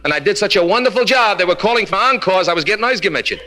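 A man with a high, expressive voice fires off a stand-up routine at a rapid clip, brashly teasing the crowd and landing Yiddish punchlines. He's performing live in a club before an audience, and there's background noise.

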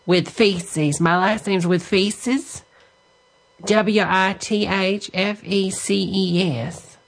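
A woman on a prank call who speaks in a flat, deadpan manner and drags every word out slowly. Her pitch sits in an ordinary middle range. She never hurries. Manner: deadpan, slow and drawn-out spelling. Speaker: prank caller.

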